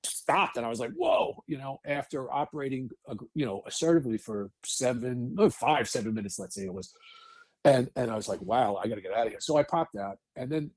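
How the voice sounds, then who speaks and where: A middle-aged New York man, an actor and firefighter, guests on a casual podcast interview, telling stories bluntly with frequent restarts and swearing. His mid-range voice moves fairly quickly, with no echo.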